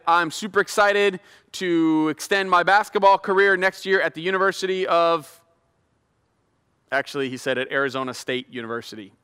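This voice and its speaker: A man's voice: high voice, sharp tone, clean tone. A middle-aged male pastor giving a sermon, chatty and self-deprecating, building into fervent prayer. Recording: long hall reverb.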